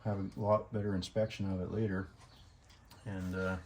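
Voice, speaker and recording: A man's voice: low-pitched, flat delivery, normal speed, a little mellow, slight background noise. A man working as a mechanic, explaining an engine teardown in an easygoing, folksy way. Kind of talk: casual shop talk to camera. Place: garage workshop.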